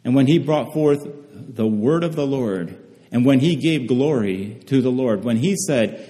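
Measured male preacher in a reverberant hall. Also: medium pitch, warm tone. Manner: slow, measured scripture reading with restarts. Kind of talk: sermon.

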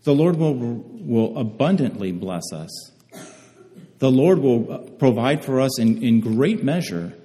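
A man delivering a sermon in a mellow, dark-toned voice, reading scripture slowly with careful emphasis. He often pauses and restarts his phrases. His voice rings with a long hall reverb. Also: medium pitch, expressive. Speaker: preacher.

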